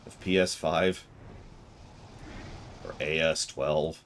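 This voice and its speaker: A man's voice: low-pitched, unhurried, pauses often. A male streamer giving casual game commentary with goofy, joking asides.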